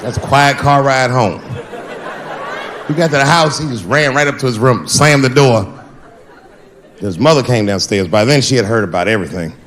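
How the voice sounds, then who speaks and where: Man telling stand-up stories, loud bursts. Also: mid-range voice, normal speed, long pauses, a crowd in the background, noisy background. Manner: animated storytelling with loud shouted bursts. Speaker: stand-up comedian. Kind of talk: stand-up comedy.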